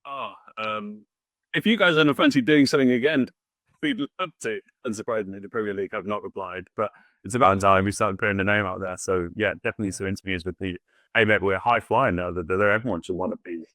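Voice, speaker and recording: A man talks quickly in easygoing banter on a casual podcast. His voice is low. The sound is close and dry. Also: fairly bright tone, no echo. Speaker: podcast co-host. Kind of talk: casual chat.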